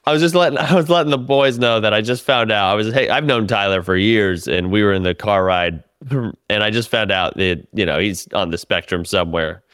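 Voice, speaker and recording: Profane, animated male storyteller, smooth voice. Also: fairly low pitch, fairly quick, no room sound, clean studio sound. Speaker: comedian telling tour stories. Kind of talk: casual podcast chat.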